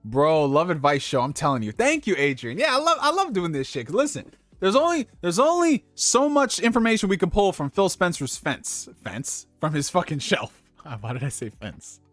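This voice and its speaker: A man's voice: sits high, sing-song, moderate pace, hardly any pauses, a bit bright, no echo. Young man, casual stream host, slangy and cursing, dry close mic, faint music behind. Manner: loose and profane, laughs at his own slips; talks directly to viewers with slang. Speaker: livestream host giving dating advice. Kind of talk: casual livestream chat.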